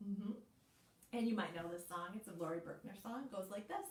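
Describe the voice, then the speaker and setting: A woman librarian leading a children's storytime, slow, animated and encouraging. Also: mid-range voice. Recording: roomy sound, mic at a distance.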